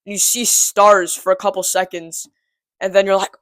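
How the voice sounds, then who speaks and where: A man's voice: high voice, fairly even intonation, measured pace, fairly bright tone, no room sound. Rambling teenage boy vlogger. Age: teens. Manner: rambling, lots of um and like, laughs at himself. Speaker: vlogger telling a story. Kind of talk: casual storytelling to camera.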